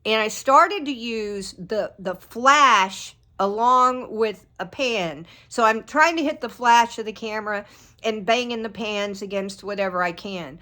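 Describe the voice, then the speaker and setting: A woman telling a long personal story to her viewers in a rambling, animated way. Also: a little high, measured pace. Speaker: vlogger. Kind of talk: casual storytelling to camera.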